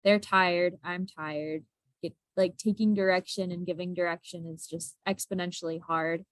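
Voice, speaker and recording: A woman's voice: lowish voice, fairly even intonation, normal speed, no room sound, rough recording. Candid young woman teacher, dry sound. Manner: candid and self-deprecating, laughing often. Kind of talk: casual group discussion.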